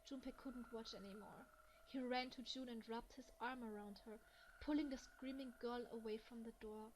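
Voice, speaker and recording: A woman's voice: on the high side, fairly even intonation, normal speed, a little mellow, muffled recording, a little hiss or hum. A young German woman with a German accent, reading a visual novel aloud and reacting emotionally in between. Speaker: gaming let's player.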